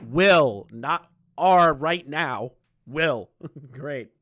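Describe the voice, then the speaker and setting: A man's voice: on the high side, expressive, extremely slow, fairly bright tone, no room sound, clean studio sound. A man giving sarcastic, mocking reaction commentary, swearing freely as he reacts to a video. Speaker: reaction streamer.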